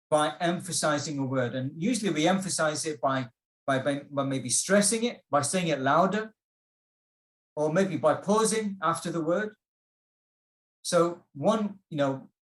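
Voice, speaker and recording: A man with a somewhat high voice teaches an online exam-prep class. He explains patiently, with plenty of fillers and restarts, and keeps asking the class questions. His voice sounds echoey, as if from a bare room over a video call. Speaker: IELTS workshop instructor. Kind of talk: online lesson.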